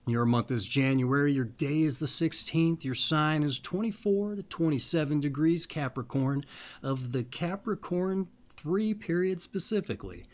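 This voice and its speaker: A man hosting an astrology video, rambling playfully with little asides, then reading a birthday text slowly and deliberately. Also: fairly high pitch. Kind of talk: casual monologue and reading aloud.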